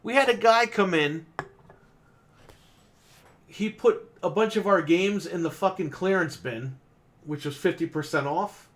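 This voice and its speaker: Fired-up guy venting about lowball customers, kinda high voice, cusses a lot. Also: measured pace, long pauses, fairly bright tone. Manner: exasperated, swears a lot, acts out quotes. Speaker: podcast co-host and game store owner. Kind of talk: casual ranting story.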